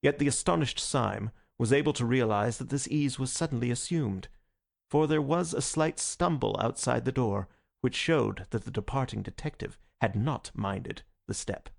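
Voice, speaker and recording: A man narrating an audiobook in a measured, even reading voice. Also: medium pitch, gravelly. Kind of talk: scripted narration.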